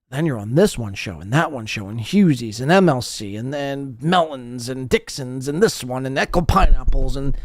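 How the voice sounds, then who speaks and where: A man's voice: mid-range voice, no echo, studio quality. A man hosting a podcast, ranting and mocking with profane commentary. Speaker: podcast host. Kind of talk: profane commentary over played clips.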